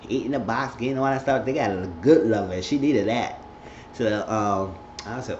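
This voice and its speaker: A man's voice: on the low side, moderate pace. Man animatedly recapping a TV episode. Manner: animated, slangy storytelling with quoted dialogue. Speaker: recap vlogger. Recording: muffled echoey room, faint hum.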